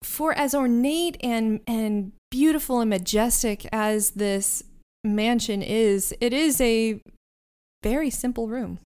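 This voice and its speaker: Game master, woman, smooth clear voice, descriptive narration with frequent laughs. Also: on the high side, slow, darkish tone.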